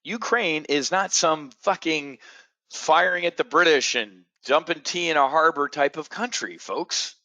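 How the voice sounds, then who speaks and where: A man's voice: on the high side, measured pace, dry recording. Blunt, profane middle-aged man ranting. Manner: blunt, profane, sarcastic, swings from muttering to shouting. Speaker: options trading show host. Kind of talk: ranting monologue.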